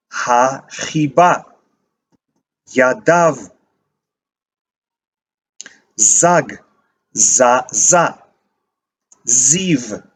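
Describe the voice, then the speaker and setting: A man teaching a language lesson, reading word lists aloud and pausing to give short meanings. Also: medium pitch, slightly rough. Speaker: Hebrew teacher. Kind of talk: slow vocabulary reading lesson.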